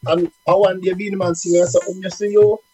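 A man with a Jamaican accent, a reggae deejay telling stories in an interview, lively and acting out voices. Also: high-pitched, brisk, breathy edge, soft background music, rough recording. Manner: animated, acts out quoted voices. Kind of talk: storytelling interview.

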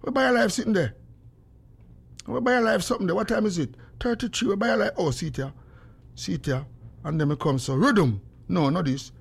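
A man's voice: high voice, a little fast, gravelly, breathy edge. A man with a Jamaican accent hosting a call-in radio show, telling stories in patois with frequent laughter. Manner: animated storytelling in patois, laughing often. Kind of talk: casual call-in radio chat.

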